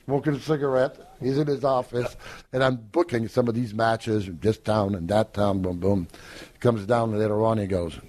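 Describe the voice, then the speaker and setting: Older man telling lively stories. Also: on the low side, normal speed. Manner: animated storyteller who acts out quoted lines and laughs often. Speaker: guest. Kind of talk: casual storytelling in an interview.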